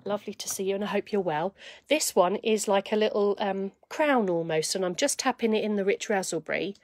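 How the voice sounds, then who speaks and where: Chatty woman running a live craft demo, mid pitch, dry close mic. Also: a little fast, dry recording. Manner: chatty, greets viewers, thinks aloud. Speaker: crafting demonstrator. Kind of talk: live stream craft demonstration.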